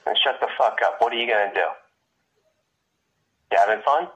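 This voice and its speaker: A man's voice: fairly low pitch, moderate pace, fairly bright tone. A man on the phone who taunts and insults the caller and keeps snapping "what?". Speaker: prank call target. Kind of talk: phone conversation. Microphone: telephone. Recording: muffled phone line.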